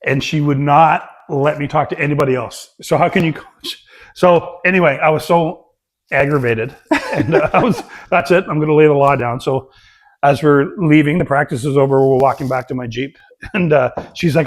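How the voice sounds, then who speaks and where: A middle-aged man co-hosting a relaxed podcast, voice sitting a little high for a man. He spins family anecdotes with plenty of "uh" and "right?" and gets animated as the story builds. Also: moderate pace. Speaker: podcast co-host. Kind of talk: casual chat, storytelling.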